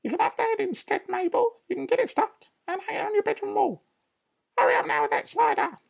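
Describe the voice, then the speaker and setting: A man's voice: very high voice, animated, brisk, gravelly, voice pushed up, exaggerated voice. A man voicing a bossy farmer's wife who snaps impatient orders from upstairs, in a storybook reading.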